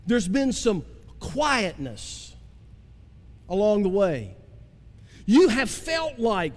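A man preaching a sermon as pastor, swinging from impassioned cries down to slow, low emphasis. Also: sing-song. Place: church sanctuary. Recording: long hall reverb.

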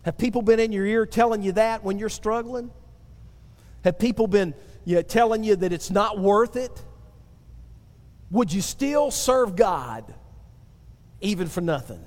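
A man preaching a sermon, building to emphatic swells and drawing phrases out slowly. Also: high voice, darkish tone, big-room sound. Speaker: pastor.

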